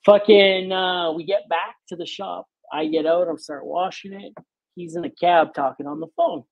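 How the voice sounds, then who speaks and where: A man with a gravelly, somewhat high voice hosts a casual podcast chat. He tells profane work stories and acts out the quotes as he goes. The sound is dry and close. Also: normal speed, no echo, lo-fi sound. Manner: profane, animated storyteller who acts out quotes. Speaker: podcast host.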